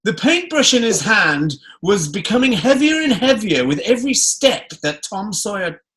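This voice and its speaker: A man improvising a silly story and a mock lecture over a video call, in a playful deadpan. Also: sits high, normal speed. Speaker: improv performer.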